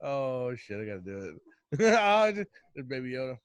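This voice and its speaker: A man's voice: mid-range voice, sing-song, clear, resonant tone, dry recording. Rambling middle-aged man telling stories. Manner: rambling storyteller, quick bursts, laughs often. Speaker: podcast host. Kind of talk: casual chat.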